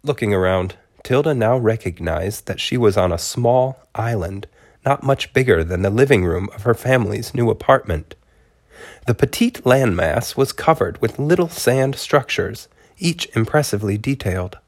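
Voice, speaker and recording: A man with a cold, hosting a podcast from a home studio and reading a storybook chapter aloud in a relaxed way. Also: on the low side, moderate pace. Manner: relaxed, with fillers and soft laughs. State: has a cold. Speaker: podcast host and narrator. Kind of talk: casual appeal and storybook narration.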